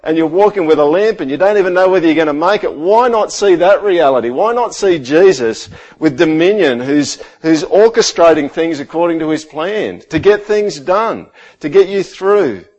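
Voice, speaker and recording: Conversational pastor preaching. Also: male voice, a little high, animated, moderate pace, muffled recording. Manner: conversational preaching, rhetorical questions, drops to quiet intensity. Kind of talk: sermon.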